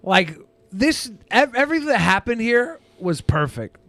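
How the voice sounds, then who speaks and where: A man's voice: extremely high pitch, sing-song, normal speed, bright, forceful tone. A man co-hosting a podcast in casual chat, with blunt, crude banter. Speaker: podcast co-host.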